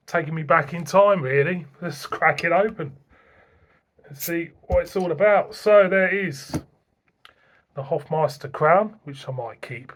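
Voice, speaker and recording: A middle-aged man from England talks through a beer review in a loose, rambling way, chuckling now and then. His voice sits a little higher than most men's. He sounds like an easygoing home vlogger. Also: a bit bright. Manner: chatty, rambling, chuckles to himself. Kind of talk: casual beer review vlog.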